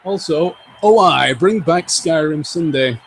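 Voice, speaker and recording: A man's voice: a little high, animated, measured pace, gravelly, a little hiss or hum, poor audio. A man hosting a live game stream, joking and reading out viewer comments as he plays. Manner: chatty, jokey, reads out viewer comments.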